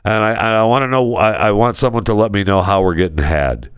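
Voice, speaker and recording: Brisk and fairly low-pitched, this man's clear, resonant voice comes through clean studio sound without echo. He co-hosts a laid-back comedy podcast, ranting with sarcasm and exasperation and slipping into mock voices.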